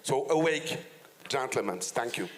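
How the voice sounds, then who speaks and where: A man speaking English as a second language with a strong French accent, giving an impassioned, halting speech on a conference panel. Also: medium pitch, animated, slight background noise.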